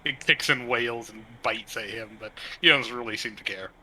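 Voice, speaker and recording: A man running a tabletop game as game master, narrating in a halting way, full of fillers and restarts. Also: mid-range voice, bright, forceful tone.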